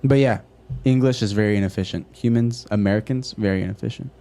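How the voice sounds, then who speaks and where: A man's voice: lowish voice, quick pace, mellow. A man in an old podcast clip, chatting casually in an offhand way. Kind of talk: casual chat.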